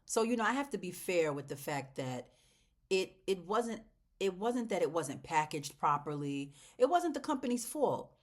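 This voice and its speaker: A woman hosting a casual plant vlog, talking straight to her viewers in a chatty, heartfelt way, swinging between loud exclamations and soft near-whispers. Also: on the low side, very animated, normal speed. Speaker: plant channel host.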